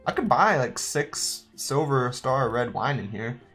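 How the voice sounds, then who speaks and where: A man's voice: medium pitch, animated, measured pace, a bit bright, husky, soft background music. A man giving joking, chatty let's-play commentary, thinking aloud as he plays. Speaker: gaming YouTuber.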